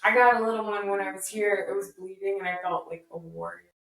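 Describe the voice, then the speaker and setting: A woman co-hosting a podcast, telling stories in a casual, animated way. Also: mid-range voice, fast, creaky. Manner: chatty, animated storyteller with frequent laughs. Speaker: podcast co-host. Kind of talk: casual chat. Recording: roomy, distant mic.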